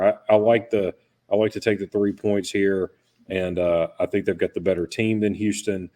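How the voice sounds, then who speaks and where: A man with a very deep voice laying out a betting pick on a podcast. He reasons things through steadily and plainly. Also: darkish tone. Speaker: podcast panelist. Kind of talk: casual sports betting chat.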